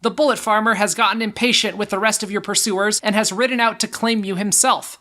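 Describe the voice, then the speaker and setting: A woman runs a story game as its narrator, setting each scene in a measured, deliberate way. Her voice is bright and clear, and she sits in the middle pitch range for a woman. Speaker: game master.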